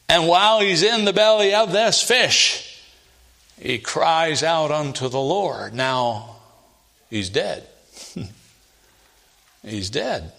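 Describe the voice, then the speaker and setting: A man preaching a sermon, reading scripture aloud and pressing his points with emphatic rises and low, weighty drops. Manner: emphatic, rising to loud stresses and dropping low for weight; reads scripture aloud in King James wording.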